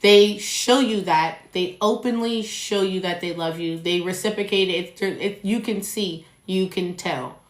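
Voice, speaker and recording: A young woman hosting her own podcast, talking straight to listeners in a blunt, animated way and swearing freely. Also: mid-range voice, a little slow, few pauses. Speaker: podcast host. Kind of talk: casual solo podcast monologue. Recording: echoey room.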